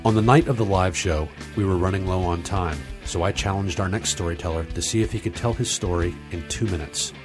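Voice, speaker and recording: A male host introducing the next storyteller in a calm, matter-of-fact way. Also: low-pitched, fairly quick, hardly any pauses. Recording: voice over guitar music.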